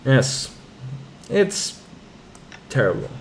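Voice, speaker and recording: A man's voice: mid-range voice, animated, measured pace, a little hiss or hum. A man casually commenting on a game he is playing, reading its text aloud with muttered asides. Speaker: game streamer. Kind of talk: casual let's-play commentary. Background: game music.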